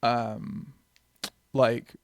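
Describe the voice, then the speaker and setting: A man, co-hosting a podcast in casual chat, animated and laughing, often stumbling and restarting his sentences. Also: medium pitch, drawn-out words, gravelly, no room sound. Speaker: podcast co-host.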